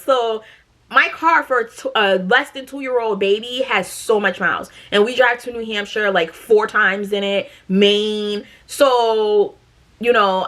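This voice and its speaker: A woman in her thirties from Massachusetts telling a storytime to camera in a blunt, profane, animated way. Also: a little high. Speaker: storytime vlogger.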